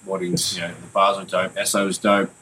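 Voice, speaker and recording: A man, talking through new tracks in a relaxed podcast chat. He swears freely, trails off into fillers and keeps it loose and unscripted. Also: low-pitched, fairly quick, slight background noise, rough recording. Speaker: podcast host and mixing engineer. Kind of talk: casual music review chat.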